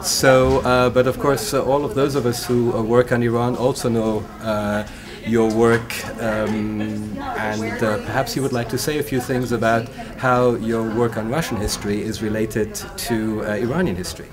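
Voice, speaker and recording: Male academic interviewer, halting and filler-heavy, mid-pitched, recorded from afar with a crowd around. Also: fairly even intonation. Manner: hesitant, many filler sounds. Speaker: interviewer and incoming society president. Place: conference hall. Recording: roomy hall, distant mic, crowd noise.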